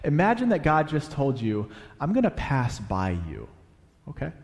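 A man preaching a sermon, animated, swinging between loud emphasis and hushed, quiet passages. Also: on the high side, moderate pace. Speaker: pastor. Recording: long hall reverb.

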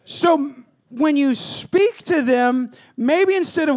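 A man preaching a conversational sermon, acting out little dialogues and swinging between loud bursts and hushed asides. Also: extremely high pitch, slow. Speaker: pastor.

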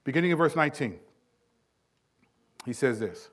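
Animated preaching man, voice on the high side. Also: normal speed. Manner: animated preaching that acts out everyday dialogue. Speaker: pastor. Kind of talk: sermon.

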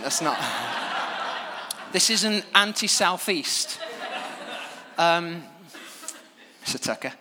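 A man preaching a sermon from a church stage, telling stories at his own expense in a lively way. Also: sits high, big-room sound. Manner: animated, self-deprecating storytelling.

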